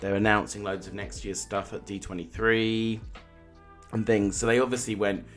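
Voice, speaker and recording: A man's voice: lowish voice, level tone, moderate pace, fairly bright tone, soft background music. A man co-hosting a casual film podcast, talking in opinionated bursts with frequent restarts. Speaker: podcast co-host. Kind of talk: casual film review chat.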